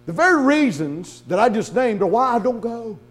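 Speaking at a moderate pace in a very high-pitched voice, a male pastor weaves stories into his sermon, lively as he acts out each character's voice.

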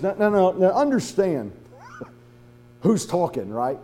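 A man's voice: high-pitched, normal speed. A man preaching a sermon, telling stories and acting out the voices in them. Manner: animated, acts out voices in his stories. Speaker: pastor. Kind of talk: sermon with storytelling.

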